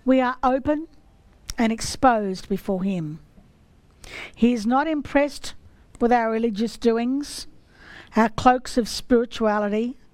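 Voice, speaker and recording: A woman giving a sermon, reading scripture in a slow, measured way. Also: a little high, darkish tone, dry recording, poor audio. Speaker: teacher of scripture.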